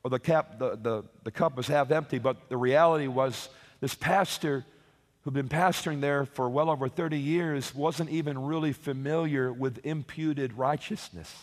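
A man preaching a sermon in an emphatic way, repeating words, rising to shouts on key points and asking his listeners "Hello?". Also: medium pitch, moderate pace, long reverb tail.

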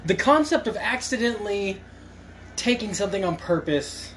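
A woman's voice: mid-range voice, animated, normal speed, slight background noise. A young woman chatting casually, laughing a lot and dropping wry remarks. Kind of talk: casual chat.

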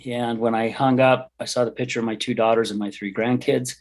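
A man's voice: mid-range voice, fairly even intonation, fairly quick. A middle-aged man telling his personal story as a podcast guest, earnest, heartfelt and candid. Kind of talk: personal testimony in an interview.

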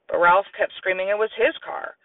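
A man's voice: normal speed, recorded from a distance, a little hiss or hum. A man reading a children's story aloud and doing the characters' voices. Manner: lively, plays children's voices in high squeals. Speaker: audiobook narrator. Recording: tinny, lo-fi, radio-like sound.

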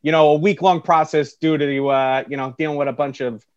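High-voiced man ranting bluntly. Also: steady tone, brisk, lo-fi sound. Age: 30s. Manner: blunt, profane, dramatic ranting. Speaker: podcast co-host. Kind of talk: casual chat.

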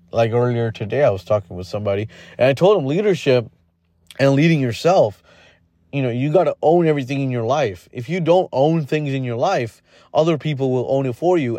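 A man of middle pitch talks straight into a close podcast mic, in a dry room with no echo at all. He gives a blunt, casual motivational monologue, circling back with plenty of fillers and false starts. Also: brisk, dark tone. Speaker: podcast host.

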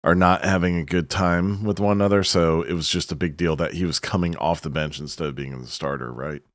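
A man with a deep baritone, co-hosting a podcast while sick, laid-back and brief. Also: steady tone, brisk, dry recording, clean studio sound. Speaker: podcast co-host. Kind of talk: casual chat.

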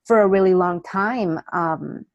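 A young woman from Miami, an actress, telling personal stories in a candid interview, animated and full of fillers. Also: mid-range voice, a little slow, no echo, highs cut off. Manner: animated storytelling, many fillers, acts out quoted voices. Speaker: actress guest.

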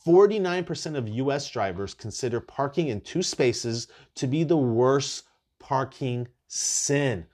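He hosts a podcast in a mid-range voice, speaking a bit slowly. The chat is casual, full of animated anecdotes and free swearing.

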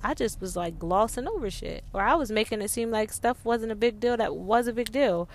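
A woman's voice: on the high side, expressive, brisk, slight background noise. A middle-aged woman hosting a solo podcast, talking casually and bluntly, swearing a lot and repeating herself for emphasis. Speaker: podcast host.

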